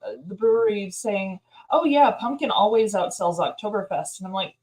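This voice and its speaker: A woman's voice: medium pitch, animated, moderate pace, a little mellow, low-quality recording. A woman co-hosting a casual livestream, chatting wryly and laughing easily. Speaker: livestream co-host.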